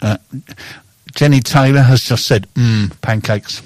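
A man hosting a casual radio chat, reading tweets aloud, joking and pausing with plenty of fillers. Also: medium pitch. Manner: joking, hesitant, many fillers. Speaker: host.

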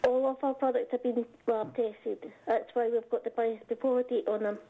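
A woman's voice: a little high, fairly even intonation, normal speed. A woman from Scotland calling in about her small business, answering in a plain, matter-of-fact way. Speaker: caller, small business owner. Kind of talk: phone-in interview. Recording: tinny phone line.

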